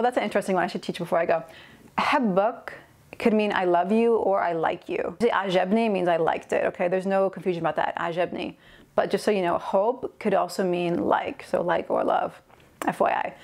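A woman's voice: on the low side, creaky, darkish tone. A woman giving a casual lesson on slang words, switching back and forth between languages as she explains each phrase. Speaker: language teacher.

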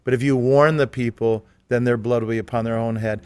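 An earnest male pastor tells a personal story with emphatic conviction. His voice is smooth and resonant, and it sounds dry and close, with little room sound. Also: medium pitch, steady tone, a little fast, a little mellow, no room sound. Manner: earnest, emphatic, talks over others. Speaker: pastor and co-host. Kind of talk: conversational storytelling.

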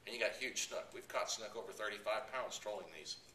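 A middle-aged man, a fishing guide, giving a lively and jokey casual talk to a club audience. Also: lowish voice, a little fast, a little hiss or hum. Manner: animated, jokey, laughs at his own stories. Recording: echoey room, mic at a distance, faint ambience.

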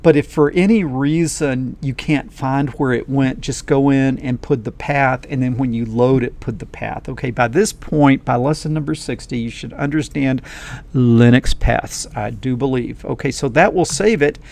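Gravelly, folksy man teaching code. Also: mid-range voice, moderate pace, a little mellow. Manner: folksy, enthusiastic, talks straight to viewers. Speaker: coding teacher. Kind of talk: casual screen-recorded lesson.

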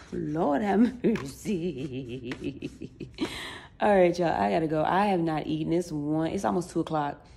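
This is a woman in her late twenties talking casually to her viewers, full of folksy slang. Her voice sits low and has a gravelly, fry-heavy texture. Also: moderate pace, pauses often, dark tone. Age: late 20s. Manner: chatty, talks straight to viewers, folksy slang. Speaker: vlogger.

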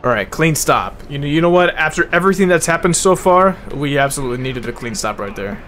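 A man's voice: fairly high pitch, expressive, fast talker, slight background noise. Young man commentating a racing game. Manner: swears a lot and calls people bro; flares into loud angry rants. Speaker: gaming video host.

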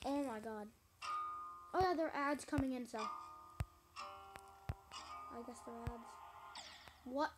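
A woman's voice: on the high side, measured pace, pauses often, low-quality recording. A young woman giving gameplay commentary, frustrated and exclamatory, talking to her viewers. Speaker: gaming YouTuber. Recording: game music playing loudly. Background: loud game music.

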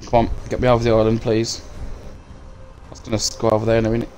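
A man's voice: mid-range voice, completely flat delivery, racing, a little mellow, slight background noise. A man streaming a game live, swearing freely, bantering and taunting his opponents. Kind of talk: live gameplay commentary.

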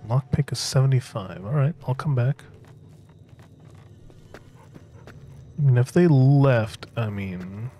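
A man's voice: mid-range voice, takes it slowly, pauses often, mellow, a little hiss or hum. A man streaming a video game, chatting casually, joking and tripping over his words. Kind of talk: casual live-stream gaming commentary.

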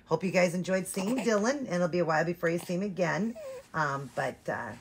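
A woman's voice: lowish voice, lively intonation, a little fast, a little hiss or hum. A woman in her forties chatting to viewers, telling a long rambling story. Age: 40s. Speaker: reborn doll vlogger. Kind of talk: casual chat to viewers.

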